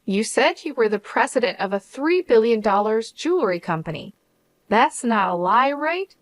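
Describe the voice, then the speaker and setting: A woman's voice: fairly high pitch, animated, moderate pace, lightly acted. A woman narrator voicing a greedy, anxious young woman who pleads and protests in a story reading. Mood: desperate.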